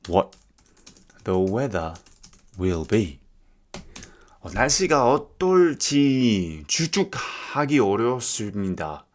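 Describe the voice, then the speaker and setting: A man with an Australian accent leads a bilingual English lesson, keeping his words slow and clear. His voice sits on the low side but moves up and down with lively intonation. He often stops to repeat things in Korean translation. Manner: explains slowly and clearly, switching into Korean. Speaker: English teacher.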